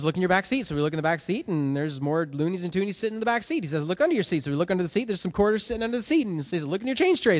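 Earnest man telling a story. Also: high-pitched. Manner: earnest, rambling storytelling with many restarts. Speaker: worship musician. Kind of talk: personal testimony before a song.

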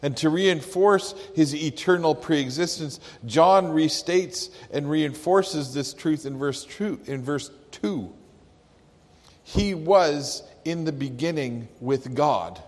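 A pastor preaching a sermon, slow and emphatic, leaning hard on key words. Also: male voice, a little high, expressive, darkish tone. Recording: long hall reverb.

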